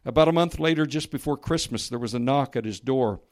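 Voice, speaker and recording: A man preaching to a room of listeners, reading a story aloud and raising his voice for the quoted lines, then dropping low and soft for emphasis. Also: a little fast. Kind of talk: sermon with a read-aloud story. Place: church or meeting room with listeners.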